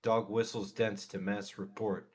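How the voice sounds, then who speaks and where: A man in casual podcast chat, an excitable storyteller who laughs easily. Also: fairly low pitch, measured pace.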